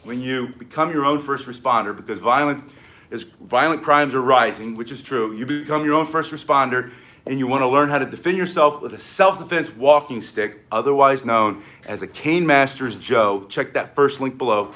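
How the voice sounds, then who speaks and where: An older American man with an excitable, energetic manner, teaching self-defense in a live-streamed martial arts lesson and barking short emphatic commands. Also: medium pitch, moderate pace. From United States. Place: home in South Florida.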